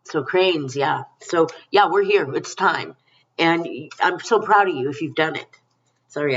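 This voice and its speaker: Middle-aged woman psychic, affectionate and rambling, dull slightly distant audio. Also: low-pitched. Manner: rambling, emphatic and affectionate, calls listeners honey and you guys. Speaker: psychic card reader. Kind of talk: spiritual card reading to camera.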